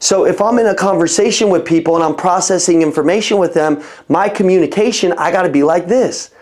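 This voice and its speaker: A man's voice: high-pitched, a little fast, hardly any pauses, darkish tone. A man coaching a sales team over a video call, talking bluntly and with profanity in a fired-up motivational style. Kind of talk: motivational sales training talk.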